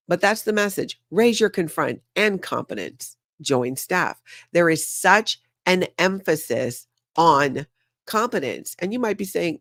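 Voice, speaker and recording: A woman's voice: deep voice, animated, measured pace, fairly bright tone, dry recording. A woman hosts a casual livestream recap, sarcastic and chatty as she talks directly to her viewers. The recording is dry and close, with no room sound around her voice. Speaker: host of a news recap channel.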